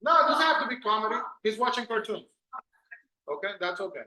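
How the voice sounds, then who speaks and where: A man's voice: high-pitched, sing-song, a little fast, sharp tone, roomy sound, low-quality recording. A man teaching an English class, patiently correcting students and drilling pronunciation.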